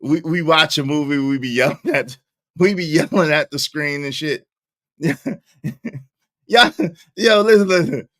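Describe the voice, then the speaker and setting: A man doing casual livestream reaction commentary, animated and profane, laughing often and repeating himself for emphasis. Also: fairly high pitch, a little slow, pauses often, dry recording, studio quality.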